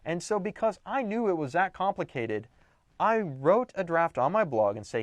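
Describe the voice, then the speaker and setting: A fairly high-voiced man gives a writing lesson, his pitch swinging widely as he stresses points and throws in jokey asides. The sound is close and dry, with no room echo. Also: moderate pace. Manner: animated, emphatic, playful asides. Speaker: writing teacher. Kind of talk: recorded lecture.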